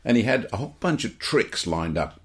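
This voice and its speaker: An Australian man, a podcast co-host, telling a story in casual chat, animated, with frequent restarts. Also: on the low side, brisk.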